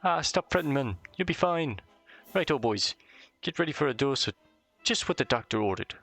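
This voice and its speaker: A man's voice: mid-range voice, animated, moderate pace, vocal fry, fairly bright tone, dry recording, faint music behind, pitched above the performer's own voice. A man voicing a cheerful male fairy sidekick with a Welsh accent, chirpy and full of slang. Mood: excited.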